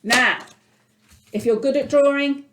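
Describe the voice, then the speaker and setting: A woman's voice: sits high, unhurried, background noise. Encouraging woman teaching music in an echoey room. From England. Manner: encouraging, patient, talks through her drawing. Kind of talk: online music lesson for children.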